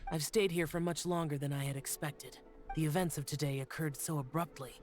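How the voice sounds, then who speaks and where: A man's voice: fairly high pitch, steady tone, fairly quick, over music, natural voice. A man voicing a reserved young guardian in a game, speaking briefly and curtly.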